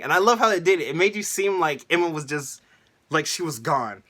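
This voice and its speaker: A man vlogging a casual, excitable anime review rant, laughing often and using slang. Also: a little high, brisk.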